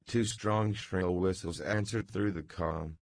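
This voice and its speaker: Slow, deep-voiced male audiobook narrator. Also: fairly even intonation, vocal fry, dry recording.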